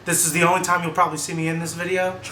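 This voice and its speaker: A man cutting in on a casual review with slow, blunt, profane remarks. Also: a little high, level tone, sharp tone. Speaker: co-host chiming in. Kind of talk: casual interjection. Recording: echoey room with faint noise.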